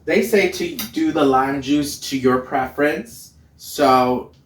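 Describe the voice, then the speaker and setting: A man's voice: on the high side, takes it slowly. A man hosting a casual cooking vlog from his home kitchen, playful and chatty, often laughing as he talks. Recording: roomy sound from a distant mic.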